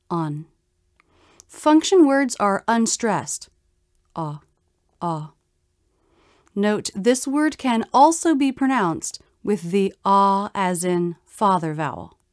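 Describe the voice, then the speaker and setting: Slow, careful woman teacher. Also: medium pitch, darkish tone, dry recording, clean studio sound. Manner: slow, careful, demonstrates vowel sounds. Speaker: pronunciation teacher. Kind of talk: scripted instructional narration.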